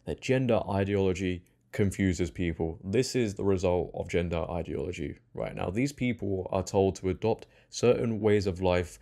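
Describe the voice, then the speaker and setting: A man's voice: sits low, normal speed, few pauses, warm tone. A young man hosting political commentary in a mocking, sarcastic tone. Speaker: commentary channel host.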